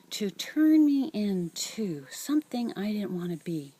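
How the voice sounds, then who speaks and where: A woman's voice: mid-range voice, big pitch swings, unhurried, hardly any pauses, warm tone, breathy edge. An older woman running a cat rescue, telling a personal story in a reflective, hesitant way with many fillers and restarts.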